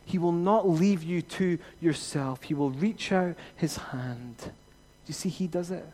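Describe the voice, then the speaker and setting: A man preaching a sermon as pastor, rising to emphatic peaks and then dropping to quiet reassurance. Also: fairly high pitch, measured pace.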